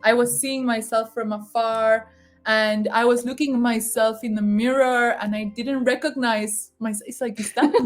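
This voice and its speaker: A woman's voice: on the high side, fairly even intonation, moderate pace, soft background music. A woman telling a personal spiritual story in a casual, emotional way, often laughing and acting out the voices of others. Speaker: guest sharing spiritual story.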